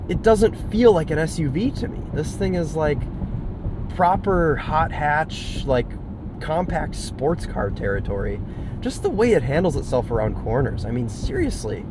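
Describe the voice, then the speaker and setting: A man's voice: a little high, very animated, moderate pace, background noise. A man with a sick voice, giving a casual, enthusiastic point-of-view car review from in and around a car. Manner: enthusiastic, chatty with frequent "like" fillers.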